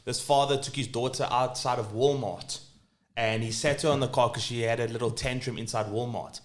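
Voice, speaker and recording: A man's voice: medium pitch, steady tone, a little fast. Man, podcast co-host, chatty, agreeable, anecdote teller. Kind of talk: casual chat.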